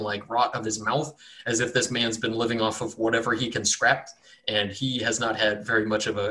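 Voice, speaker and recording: A man's voice: mid-range voice, fairly bright tone. Rambling male dungeon master. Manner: casual, rambling, filler-heavy. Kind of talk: narrating a tabletop game.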